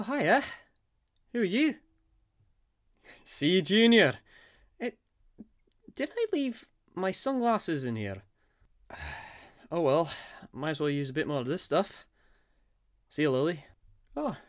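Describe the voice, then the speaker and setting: A voice actor playing a cheerful, laid-back, small magical surfer man who chats casually and calls people cuz. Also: medium pitch. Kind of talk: fan voice acting.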